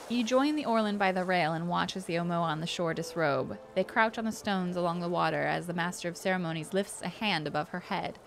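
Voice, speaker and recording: A gaming streamer in a let's-play reads game text aloud in a low-ish, gravelly voice, talking briskly with hardly any pauses. She drops chatty asides and reacts between narrated passages while game music plays underneath.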